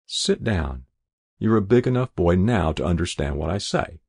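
A man voicing a tired, bewildered small-town mother of five who talks softly and with gentle surprise. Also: low-pitched, lively intonation, normal speed, gravelly, breathy edge, no room sound, studio quality, exaggerated voice.

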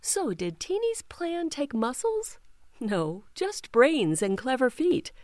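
Slow, lively woman reading aloud. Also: high voice, no room sound, studio quality. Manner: slow, expressive read-aloud with character voices. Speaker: children's storytime reader. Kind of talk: reading picture books aloud.

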